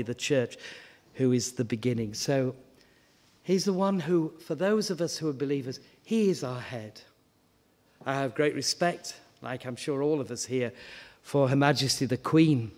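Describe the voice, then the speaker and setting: Male preacher, conversational sermon, repeats words, climbs into animated questions; reverberant church hall. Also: mid-range voice, normal speed. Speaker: guest preacher. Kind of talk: informal sermon.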